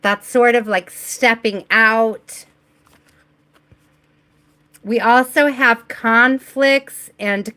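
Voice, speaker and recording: A woman's voice: a little high, fairly bright tone. A woman doing a live-stream tarot reading, chatty and giggly, talking to her viewers and to spirit, with the hiccups. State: has the hiccups. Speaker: tarot reader. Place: home reading space.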